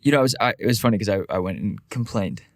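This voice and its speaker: A man co-hosting a podcast, telling stories in a casual, animated way, with quick asides and lots of "like". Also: fairly low pitch, dry recording, studio quality. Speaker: podcast co-host.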